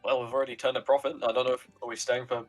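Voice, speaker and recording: A man's voice: mid-range voice, little pitch movement, very fast, faint music behind, low-quality recording. A young man playing a tabletop game, playful and egging others on. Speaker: player. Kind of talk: casual game chat.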